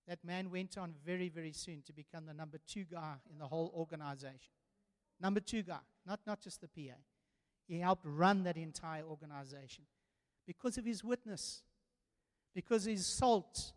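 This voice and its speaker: High-voiced preacher in a reverberant hall. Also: male voice, moderate pace. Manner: earnest storytelling preacher, rising to emphatic declarations. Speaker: pastor. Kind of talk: sermon. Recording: long church reverb.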